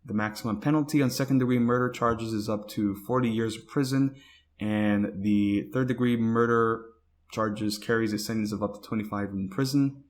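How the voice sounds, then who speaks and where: A man's voice: on the low side, steady tone, moderate pace. A man hosting a talk podcast, reading news reports aloud and stumbling over words, with casual asides. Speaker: podcast host.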